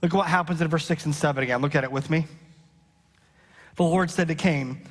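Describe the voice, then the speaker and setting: Pastor, male, high voice, emphatic repetition, long hall reverb. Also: a little fast, long pauses. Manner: preaching with rising emphasis, repeating key lines. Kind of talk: sermon. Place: church hall.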